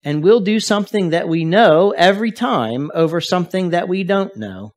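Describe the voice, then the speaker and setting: Guy preaching sunday sermon, kinda high voice, tells stories, gets loud then quiet. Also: animated, normal speed. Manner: storytelling, varies loudness for emphasis. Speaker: pastor.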